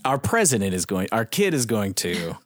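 Lively, playful man in casual chat. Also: lowish voice, normal speed, dry recording, clean studio sound. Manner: playful, throws in movie-line impressions.

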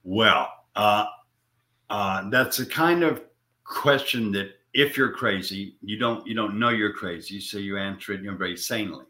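A man's voice: lowish voice, normal speed, sharp tone, roomy sound. An older man, an actor being interviewed, talking casually in a rambling, hesitant way with frequent repeats. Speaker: actor guest.

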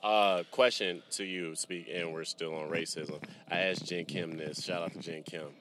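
A man's voice: low voice, fairly even intonation, moderate pace, very noisy. A man hosting a casual podcast chat, telling stories loosely with lots of swearing and restarts. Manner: loose, profane storytelling with frequent restarts. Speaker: podcast host.

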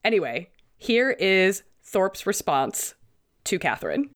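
A woman's voice: mid-range voice, very animated, takes it slowly. A woman co-hosting a podcast in casual chat, her voice still a bit sick, laughing between points. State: sick, hoarse-sounding voice. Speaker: podcast co-host.

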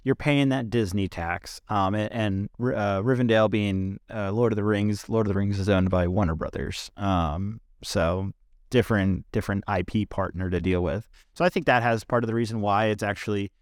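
A man's voice: fairly low pitch, moderate pace, no echo, clean studio sound. A man hosting a podcast in casual chat, rambling along with many fillers. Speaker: podcast host.

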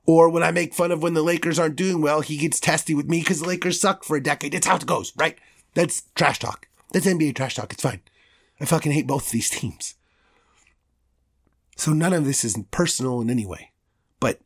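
Fired-up male sports podcast host, slightly higher-pitched than most, angry and emphatic, swears freely. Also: moderate pace. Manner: heated, profane, emphatic. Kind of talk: opinionated sports rant.

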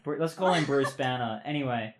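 A man's voice: medium pitch, a little fast, lightly acted. A man voicing a chatty, rambling male cab driver with a Southern accent, who makes easygoing small talk.

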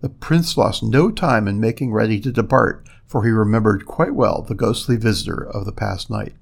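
A man narrating a fairy tale in a measured, steady reading. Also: on the low side, creaky, slightly rough. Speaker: storyteller.

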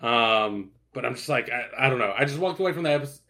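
A man's voice: medium pitch, animated, quick pace, sharp tone. A young man in casual podcast chat, laid-back and swearing often, with lots of fillers and restarts. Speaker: podcast co-host.

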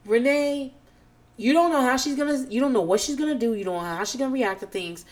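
A woman talks fast and loose as she recaps the drama, swearing often and calling herself a nervous person. She swings from low muttering asides to high, squealing mock quotes of the people she describes. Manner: animated, profane, jumps into squealing mock quotes; calls herself nervous and on edge. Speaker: podcast host recapping a reality show. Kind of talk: casual chat.

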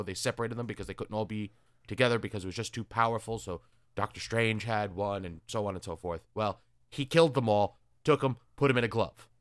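A man's voice: on the low side, clean tone, no echo, studio quality. Sarcastic man recapping with crude asides. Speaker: podcast host reviewing comics. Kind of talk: casual chat.

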